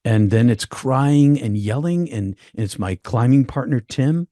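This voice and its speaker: A man telling a personal story as a podcast guest, halting and repeating words as he goes. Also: medium pitch, animated, warm tone, no echo, studio quality.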